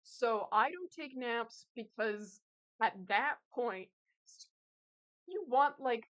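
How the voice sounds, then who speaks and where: A woman's voice: on the high side, animated, slow, fairly bright tone. A young woman streamer chatting casually with her viewers, rambling with lots of fillers and laughs. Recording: slightly dull lo-fi audio.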